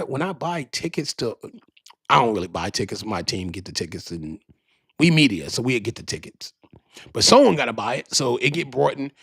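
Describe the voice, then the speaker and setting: A man's voice: mid-range voice, a bit bright, husky, dry recording. A man hosting a podcast, ranting casually in a profane, rambling way, often restarting his sentences, into a studio microphone. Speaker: podcast host. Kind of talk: casual rant.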